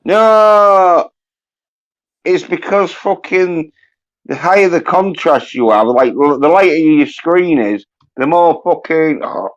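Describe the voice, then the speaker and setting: Man, podcast host, casual chat, swears a lot, slow talker, slightly high voice, dull phone sound. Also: expressive. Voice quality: frequent swearing.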